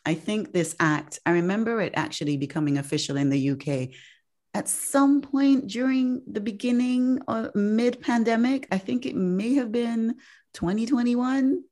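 A woman's voice: on the high side, normal speed, darkish tone. A woman hosting a casual podcast chat, chatty and emphatic, often laughing. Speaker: podcast host.

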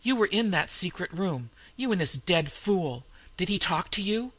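Male reader as deranged innkeeper in a storybook reading; roaring, bright, pitched up well above his own voice. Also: expressive, moderate pace. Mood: raving. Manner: roaring, wild laughter, raised pitch.

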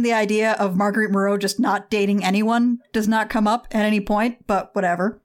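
A woman walks through a film's plot in casual podcast chat. She drops wry asides along the way. Her voice sits at a middle pitch. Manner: wry asides while summarizing. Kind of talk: casual chat, movie recap.

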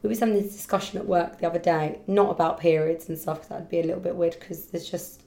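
A woman hosting a casual solo podcast, chatty and rambling, quick to laugh and loud when excited. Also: lowish voice. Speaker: podcast host and hairdresser. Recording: roomy echo around the voice.

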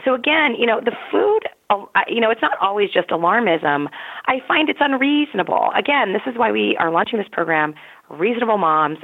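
A woman's voice: mid-range voice, sing-song, a little fast, vocal fry. Blunt woman on a tinny line. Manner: blunt, exasperated, laughs while talking. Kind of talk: casual chat. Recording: tinny phone-like sound.

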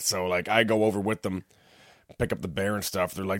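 A man with a fairly low voice tells a long, rambling story in casual conversation. He swears freely and acts out what people said as he goes. The sound is dry and close, with no room echo. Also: brisk. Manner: rambling, profane, acts out quotes. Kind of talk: casual chat, telling a story.

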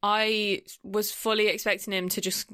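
A woman, co-hosting a podcast and chatting casually about a film, swearing freely and drifting into quick asides. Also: mid-range voice, little pitch movement, pushed and bright, clean tone, dry recording, studio quality. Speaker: podcast co-host. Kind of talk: casual film review chat.

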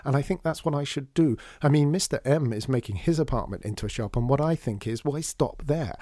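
A man's voice: medium pitch, brisk, mellow, no echo, clean studio sound, voice pushed up, lightly acted. A man voicing a chatty, flighty young woman who studies fashion, talking in a gushing, rambling way. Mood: eager. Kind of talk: audiobook character voice.

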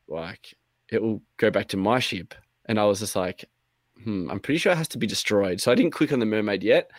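A man's voice: fairly low pitch, dry recording. A man telling a casual, rambling story, full of fillers and swearing, acting out his own lines.

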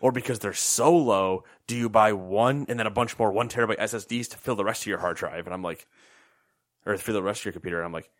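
A man's voice: fairly low pitch, quick pace, no echo, studio quality. A young man co-hosting a casual gaming podcast, joking and rambling with lots of fillers. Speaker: podcast co-host. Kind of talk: casual gaming news chat.

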